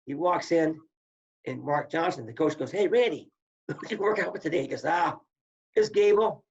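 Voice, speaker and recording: This ex-wrestler, guesting on a podcast, speaks at a moderate pace in a fairly high voice. His casual wrestling anecdotes are lively, and he acts out the lines people said, though the recording sounds dull and lo-fi.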